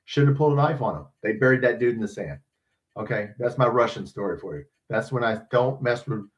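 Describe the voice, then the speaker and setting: A man hosting a casual sports podcast, rambling and joking with profanity. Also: medium pitch. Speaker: podcast host.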